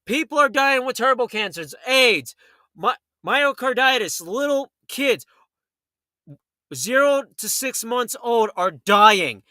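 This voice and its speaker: A man hosting a late-night talk radio show, telling stories in a fast, heated way and acting out the people in them. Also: extremely high pitch, animated, sharp tone, no room sound, clean studio sound. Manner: fast, heated storytelling with acted quotes.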